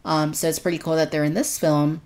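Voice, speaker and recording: A woman's voice: low-pitched, level tone, a little fast, darkish tone. A woman co-hosting a casual podcast discussion, reviewing in an earnest, detailed way. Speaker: podcast co-host.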